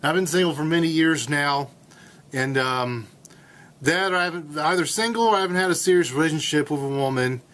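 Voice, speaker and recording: A man's voice: a little high, fairly quick, a bit bright. Goofy, hammy young male radio host. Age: late 20s. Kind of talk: casual comedic radio hosting. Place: college radio studio.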